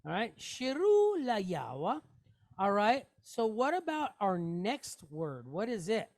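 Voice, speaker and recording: A woman leads a Hebrew reading class at an unhurried, very slow pace. She sounds out every letter and vowel patiently. She repeats each syllable before joining them into a word. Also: medium pitch, huge pitch swings, a little mellow. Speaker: Hebrew teacher. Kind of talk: reading lesson, sounding out words.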